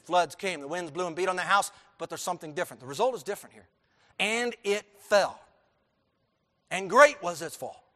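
A man with a high voice preaching to his congregation. He swings between soft, low passages and loud, driving emphasis, and throws questions out for the people to answer. His voice carries a long reverb through the church. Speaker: pastor. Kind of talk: sermon. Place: church sanctuary.

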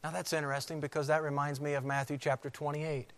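A man's voice: fairly high pitch, flat delivery, a bit bright. Preaching man in a reverberant hall. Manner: emphatic preaching, repeats key phrases slowly. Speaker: pastor. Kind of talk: sermon.

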